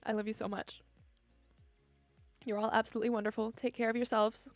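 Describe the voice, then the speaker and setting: A young woman streamer talks straight to her chat in a casual, emotional goodbye, laughing often. Her voice sits a bit high. The mic is close and dry, with faint music underneath. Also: little pitch movement, brisk, no echo.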